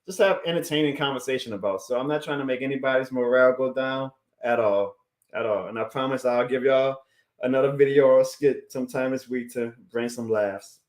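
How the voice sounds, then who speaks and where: A man's voice: medium pitch, brisk, roomy sound. A man chatting casually on a live stream, heartfelt and rambling, laughing often and answering chat. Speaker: YouTube sports streamer.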